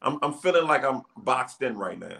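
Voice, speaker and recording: A man in a casual chat, explaining at length in an animated way. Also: mid-range voice, moderate pace, gravelly. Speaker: podcast co-host.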